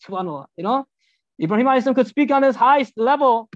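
A man giving a storytelling sermon as a religious teacher, animated and acting out the dialogues. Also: very high voice, racing, dry recording, highs cut off.

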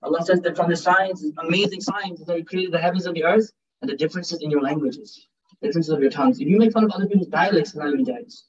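A young man gives a casual religious lecture, chatty and joking, mixing Urdu and Arabic phrases into his talk. His voice sits high and he speaks quickly. The recording sounds dull and distant, as if the mic is set back from him. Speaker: Islamic teacher giving a talk.

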